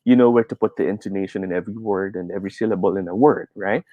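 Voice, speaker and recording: A young adult man with a Filipino accent teaching a live online speech lesson, mixing English and Tagalog and demonstrating loud and soft delivery. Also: low voice, fast talker, no echo, poor audio.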